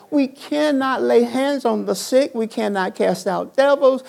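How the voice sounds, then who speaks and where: A pastor delivers a sermon from a church pulpit. His voice carries a gravelly edge. He leans on call-and-response, asking the same question over and over. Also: mid-range voice, a little slow, hardly any pauses, darkish tone. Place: church sanctuary.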